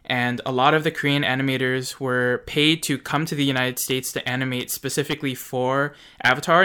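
A man's voice: mid-range voice, sharp tone, clear, resonant tone. A young man co-hosting a podcast, sharing fun facts in a casual, explanatory way. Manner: shares trivia in a measured, explanatory way. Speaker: podcast co-host. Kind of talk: casual fun-fact chat.

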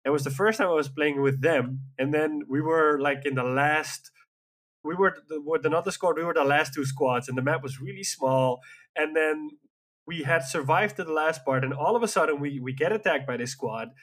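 A man's voice: on the high side, moderate pace, fairly bright tone. A man in casual chat as a podcast co-host, talking in a rambling, enthusiastic way with frequent fillers.

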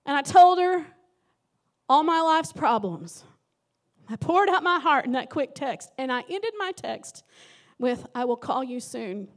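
High-voiced woman pastor preaching. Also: expressive, a little slow. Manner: emotional, dramatic storytelling with sudden loud emphasis. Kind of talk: sermon.

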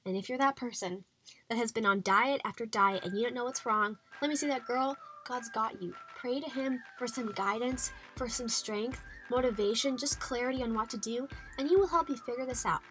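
A woman's voice: fairly high pitch, fairly quick, a bit bright, soft background music. A young adult woman hosting a podcast, chatty and encouraging, with frequent fillers. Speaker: podcast host. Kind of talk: faith-based health podcast monologue.

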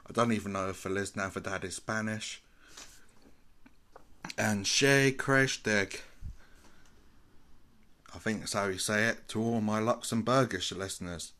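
Slow-talking rambling man. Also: fairly low pitch, sharp tone. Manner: rambling, self-mocking, tongue-tied wordplay. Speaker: podcast host. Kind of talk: casual solo podcast chat.

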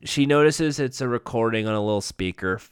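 A man's voice: medium pitch, brisk, smooth, dry recording. A man giving a casual, profane, sarcastic recap of a TV episode, rambling as he goes. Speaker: show recapper.

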